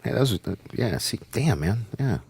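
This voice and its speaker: A man's voice: on the low side, sing-song, normal speed, darkish tone, husky, no room sound. A man in his forties co-hosting a casual group chat about a TV show, joking and rambling with crude humor. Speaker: podcast co-host.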